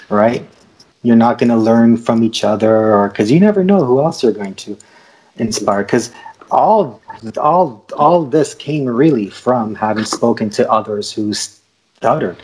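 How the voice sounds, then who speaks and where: A man's voice: medium pitch, unhurried, a little mellow, breathy edge, low-quality recording. A man who stutters, speaking as a guest in a casual video-call interview and laughing often. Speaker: guest cartoonist and podcaster.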